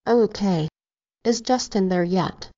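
A woman's voice: mid-range voice, takes it slowly, mellow, no echo, close to an everyday voice. A woman voicing an affectionate middle-aged mother in an audiobook. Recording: slightly dull, dry recording.

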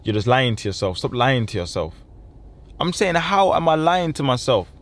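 A man's voice: mid-range voice, moderate pace. Slangy young man telling a story. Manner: slangy, animated storytelling with lots of fillers. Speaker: vlogger. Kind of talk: casual storytime vlog.

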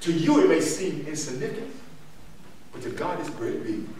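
A high, animated male pastor, preaching call-and-response style in a church. He repeats his lines for emphasis. The sound is echoey and picked up from far off, with some noise behind. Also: normal speed. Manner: emphatic, repeats phrases, laughs between points. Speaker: pastor leading a Bible lesson. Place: church sanctuary.

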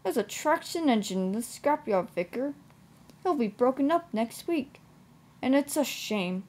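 Lady doing a worried train driver, earnest, husky and slow. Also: high voice, lively intonation, a little mellow, pitched above the performer's own voice. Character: worried male engine driver.

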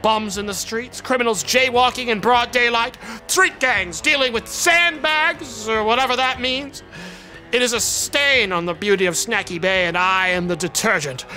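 A man voices a scheming game villain who fancies himself the city's savior, delivering grand speeches with a self-satisfied swagger. The voice is bright and forceful and sits high for a man. Soft music plays underneath. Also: a little slow, exaggerated voice. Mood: grandiose. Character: pompous scheming male city mayor, villain. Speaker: streamer voicing a game's dialogue.

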